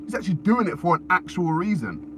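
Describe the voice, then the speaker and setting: A man's voice: high-pitched, fast. A man ranting casually on a live stream into his phone, swearing often and repeating himself as he searches for words. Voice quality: animated, profane, repetitive. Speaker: livestreamer. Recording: background noise with passing vehicles.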